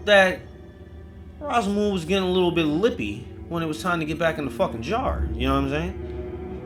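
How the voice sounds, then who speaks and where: A man's voice: on the high side, expressive, moderate pace, pauses often, over music. A man hosting a podcast, telling a comedic horror story in a rambling, profane way and talking to listeners directly. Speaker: podcast host.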